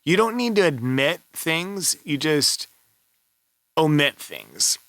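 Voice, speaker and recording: A man talks through a voiceover seller's gig in loose, casual commentary, coaching with blunt, offhand remarks. His voice is bright and forward at a middling pitch. The recording is dry and close, with almost no room sound. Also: sing-song, slow pace, no room sound. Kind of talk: casual screen-review commentary.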